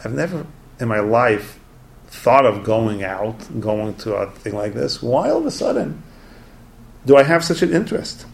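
A man voicing an earnest, gravelly pious scholar. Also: medium pitch, moderate pace, close to an everyday voice. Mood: troubled. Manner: earnest, anguished confession. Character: pious young male Torah scholar, earnest.

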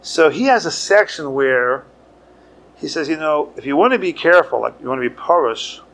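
Gravelly-voiced rabbi teaching a class. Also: male voice, a little high, normal speed. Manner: conversational teaching, lively with sudden emphasis. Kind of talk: Torah lecture.

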